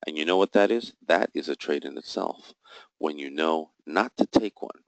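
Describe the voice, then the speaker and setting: A man's voice: rumbling low, moderate pace, creaky, dry recording, rough recording. A man teaching a live trading session, walking through charts step by step, posing questions and answering them himself, with emphatic, jokey asides. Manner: explains step by step, asks and answers his own questions. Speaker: trading instructor.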